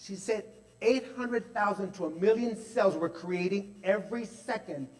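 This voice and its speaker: Brief: male preacher, higher-pitched voice, animated testimony full of "like" and "right?", long reverb hall. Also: moderate pace. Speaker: speaker at a spiritual center service. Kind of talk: testimonial sermon. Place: large hall at a spiritual center.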